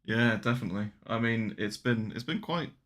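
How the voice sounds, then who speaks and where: A man's voice: medium pitch, brisk, a bit bright. A man hosting a casual chat, joking and laughing between his remarks. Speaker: host.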